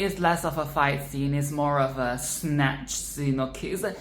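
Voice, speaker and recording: A woman's voice: deep voice, normal speed, hardly any pauses, echoey room. A young woman casually reviewing a film, emphatic and profane, often tagging "okay?".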